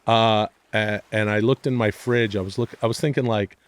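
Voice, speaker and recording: A man's voice: fairly low pitch, steady tone, moderate pace, few pauses. A man who is a comedian guest, telling stories in a rambling, profane, self-deprecating way on a podcast. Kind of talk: casual podcast storytelling.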